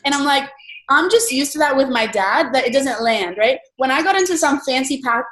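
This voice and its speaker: Chatty woman host, fairly high voice, lots of fillers, echoey room. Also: brisk. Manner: chatty and animated, with frequent fillers. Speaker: host of an entrepreneur meetup. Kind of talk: casual group chat.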